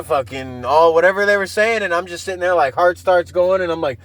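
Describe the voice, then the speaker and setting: A man's voice: a little high, brisk, a bit bright, low-quality recording. A man in his mid-thirties hosting a casual solo podcast, rambling and swearing freely, often laughing at himself. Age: 30s. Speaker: podcast host.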